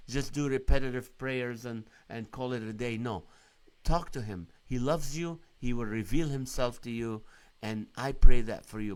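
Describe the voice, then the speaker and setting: A man's voice: medium pitch, clean tone. A man hosting a live Christian stream, preaching earnestly and asking his viewers many rhetorical questions.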